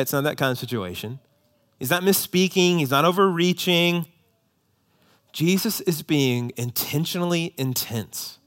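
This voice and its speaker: A man preaching a sermon to a congregation, animated, with rising emphasis and joking asides. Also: a little high. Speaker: pastor. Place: church hall before a congregation.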